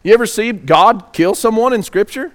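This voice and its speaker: A pastor delivering a sermon, asking the congregation rhetorical questions and reading scripture aloud. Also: male voice, high voice, lively intonation. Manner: reads scripture aloud slowly.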